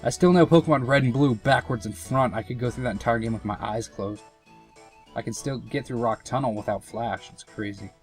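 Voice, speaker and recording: A man's voice: medium pitch, brisk, faint music behind. A young man giving casual, rambling commentary over a game, full of fillers and self-mocking asides. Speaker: let's play commentator.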